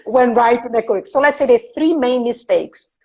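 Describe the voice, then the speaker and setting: A woman's voice: a little high, brisk, darkish tone. Chatty woman host, dull lo-fi sound. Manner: chatty, laughs often, explains by examples. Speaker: podcast host interviewing a career guest. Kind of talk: casual interview chat.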